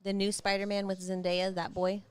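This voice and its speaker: A woman's voice: mid-range voice, monotone, moderate pace, smooth, dry recording. A woman co-hosting a casual podcast, chatty and teasing as she reacts to a wrestling show. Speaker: podcast co-host. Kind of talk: casual chat watching wrestling.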